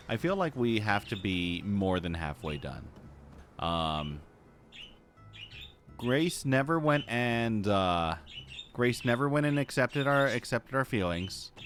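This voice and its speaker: A man's voice: mid-range voice, fairly bright tone, slight background noise. A man casually chatting while streaming a game, rambling and restarting his phrases. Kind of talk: casual live-stream chat.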